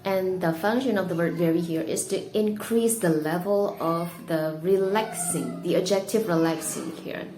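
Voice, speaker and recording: A woman's voice: fairly low pitch, normal speed, hardly any pauses, mellow, soft background music. A woman with an Indonesian accent teaching an English lesson, speaking carefully and stressing key words. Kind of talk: explanatory lesson. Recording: echoey room with faint noise.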